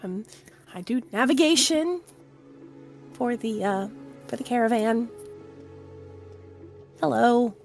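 A timid male cat-folk navigator voiced by a woman speaks well above her usual pitch. He stammers and trails off, hesitant and shy in a tabletop fantasy game. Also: expressive, slow, long pauses, soft background music.

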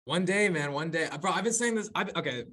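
A man's voice: a little high, lively intonation, fast talker, a bit bright. Young man, casual podcast chat, storyteller, laughs at his own jokes, corny humor. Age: young adult. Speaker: podcast co-host. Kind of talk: casual chat among friends.

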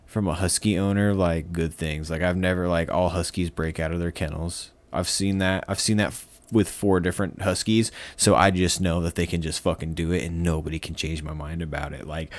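A man chatting casually as a podcast guest, rambling and profane, telling animated stories. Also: low-pitched, fairly quick, few pauses. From United States. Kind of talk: casual chat.

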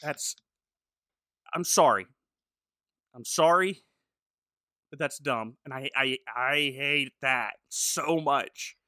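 Bright-voiced joking male podcast host. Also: medium pitch, takes it slowly, pauses often, no echo, clean studio sound. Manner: sarcastic, jokey storyteller. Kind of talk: casual chat recapping a TV episode.

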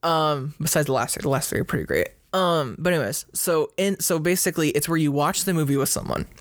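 A young man co-hosting a casual podcast chat, telling animated stories with many fillers. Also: fairly high pitch, fast, no echo. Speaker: podcast co-host.

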